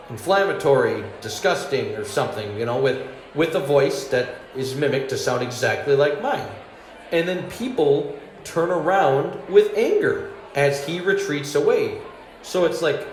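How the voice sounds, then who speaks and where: A man doing a meandering, self-deprecating stand-up routine, chuckling at his own jokes as he rambles. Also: fairly high pitch. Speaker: stand-up comedian. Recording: echoey room with faint hum.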